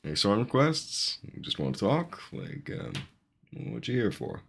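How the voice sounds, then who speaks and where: Deep gravelly man chatting on a stream. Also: moderate pace, a little hiss or hum. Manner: relaxed, mumbled asides to viewers. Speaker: live streamer. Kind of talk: casual live-stream chat between songs.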